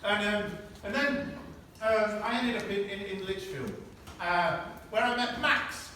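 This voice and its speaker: A middle-aged man giving an informal farewell speech to friends, halting and anecdotal, with many restarts and chuckles, recorded on a phone from across a room. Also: high voice, sharp tone. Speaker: retiring army medic giving a farewell speech. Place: indoor gathering in a historic hall at night. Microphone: friend's phone held at a distance. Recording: distant phone recording, very echoey room, audible noise. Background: room ambience of a gathering.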